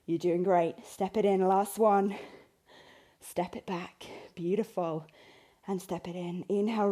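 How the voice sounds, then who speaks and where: A woman's voice: medium pitch, warm tone. A woman teaching a yoga class, calling out poses, breaths and counts in an encouraging way. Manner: encouraging, counts reps aloud. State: out of breath at times. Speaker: yoga instructor. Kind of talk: guided yoga class cues.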